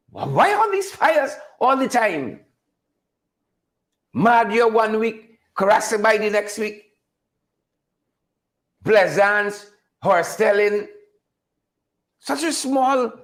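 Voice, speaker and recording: A Guyanese man hosts a political commentary show. His voice sits high and he takes his time, repeating words and firing rhetorical questions at his viewers. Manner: emphatic, repetitive, rhetorical questions; reads out viewer names. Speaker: host.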